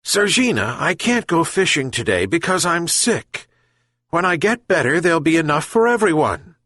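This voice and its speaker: A man's voice: on the high side, very animated, moderate pace, sharp tone, no echo, clean studio sound, pitched above the performer's own voice, exaggerated voice. A man voicing a kind old fisherman who calls out to his pets and pleads with them. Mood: calling. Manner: calling out, pleading.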